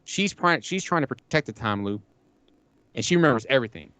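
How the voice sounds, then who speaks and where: A man's voice: medium pitch, animated, fairly quick, fairly bright tone, dry recording. Rambling podcast man, dry close sound. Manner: rambling, retells game scenes with quoted lines and swearing. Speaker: podcast co-host. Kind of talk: casual gaming chat.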